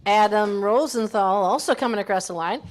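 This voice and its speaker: A woman's voice: medium pitch, moderate pace. A woman from Minnesota announcing skiers at a race finish line, calling each name and hometown with brief praise. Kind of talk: live race-call announcing.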